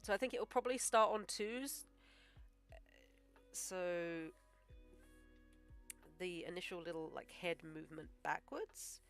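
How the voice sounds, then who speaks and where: A woman animator chatting casually on a live stream while she draws, joking and thinking out loud. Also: lowish voice, a little slow, pauses often, faint music behind. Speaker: animator streaming her work.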